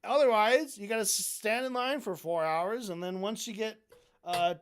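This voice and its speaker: This streamer's voice sits at an ordinary middle pitch, and the delivery is loose and off the cuff. The host is sarcastic, swears a lot and keeps slipping into mocking impressions of the people being discussed. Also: very animated, normal speed. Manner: sarcastic and heavily profane; mocks people by acting out their lines. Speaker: streamer analyzing debates. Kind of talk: casual stream commentary.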